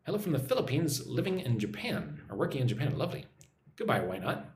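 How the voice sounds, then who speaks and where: A man's voice: mid-range voice, very animated, fast talker, a little mellow, echoey room, slight background noise. A man from the United States teaching English on a live stream, reading out viewer comments and modelling phrases to repeat. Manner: upbeat, reads viewer names aloud, models phrases to repeat. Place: home in a Vietnamese city.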